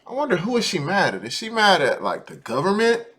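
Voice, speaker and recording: A man's voice: high voice, wildly swooping pitch, a little fast, pushed and bright. A man hosting a reaction video, talking casually and incredulously in colloquial speech.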